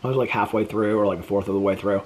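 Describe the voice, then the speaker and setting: A man's voice: fairly even intonation, rapid-fire, a little mellow. A man vlogging at home in a casual, rambling chat full of fillers, cooing to his pet between stories. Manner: chatty, rambling with many fillers; coos to his pet in high baby talk.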